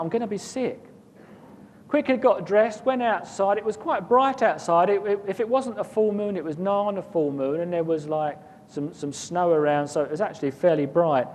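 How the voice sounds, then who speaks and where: A man telling a personal story in a casual, rambling way, often repeating words and chuckling. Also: a little mellow. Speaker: guest recounting an experience. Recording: long reverb, faint rumble.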